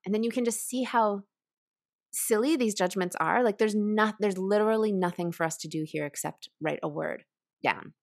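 A woman who teaches writing, explaining a creative exercise in an animated, conversational way and laughing often. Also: mid-range voice, moderate pace. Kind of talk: conversational podcast interview.

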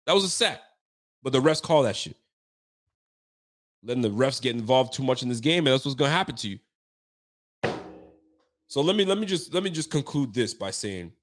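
A man's voice: mid-range voice, a bit bright. Frustrated man ranting after a game. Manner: frustrated, repetitive, slangy. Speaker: sports podcast host. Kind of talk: postgame rant.

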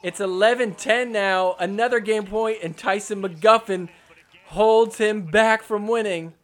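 A young man with a fairly high voice hosts a casual sports podcast. He talks through the match in an offhand, joking way. Every so often he drops into mock quotes that poke fun at the players. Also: fairly even intonation, unhurried, fairly bright tone. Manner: sarcastic, jokey, voices players' imagined thoughts. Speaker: podcast host. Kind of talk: casual sports recap commentary.

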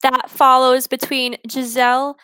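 A woman's voice: high voice, little pitch movement, a little slow, noisy background. A woman in casual chat, enthusiastically retelling film scenes and quoting the characters. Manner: enthusiastic, quotes characters, laughs easily. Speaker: podcast co-host discussing a film.

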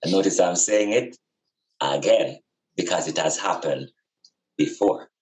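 A man's voice: sits low, normal speed, a little mellow, low-quality recording. A man talking as a guest over a video call, reasoning earnestly with impassioned, repetitive, preacherly emphasis. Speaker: podcast guest.

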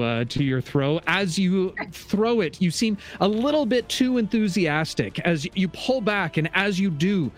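A man narrating as game master of a tabletop game, easygoing and full of fillers. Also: sits high. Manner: easygoing, describes action with many fillers.

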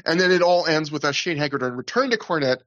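A man's voice: fairly high pitch, animated, quick pace, fairly bright tone, muffled recording. A man hosting a casual podcast, rambling through a recap, often laughing and restarting his sentences. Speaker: podcast host.

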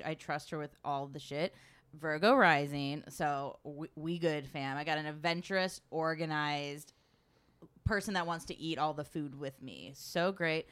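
A woman with a low, clear, resonant voice tells a travel story in casual conversation. She's an animated storyteller who swears freely and acts out what people said.

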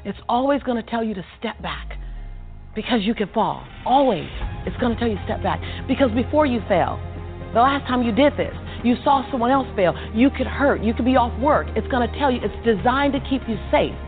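A woman guest telling her life story in a lively, motivational way, acting out the dialogue and laughing often. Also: on the high side, a little fast. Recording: tinny phone-like sound with faint music.

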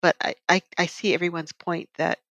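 A woman chatting on a podcast panel, lively and expressive, laughing easily. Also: fairly low pitch, fairly quick, vocal fry, no room sound, highs cut off. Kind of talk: casual chat.

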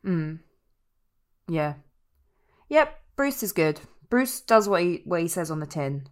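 A woman co-hosting a podcast, bantering quickly and joking in casual chat, with the odd swear. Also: lowish voice, sing-song. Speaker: podcast co-host.

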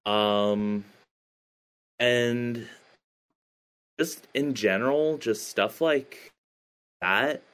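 A man's voice: mid-range voice, very slow, pauses often, a bit bright, clear, resonant tone. A man chatting as a podcast guest about his band, talking hesitantly with many fillers and restarts. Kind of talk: casual interview chat.

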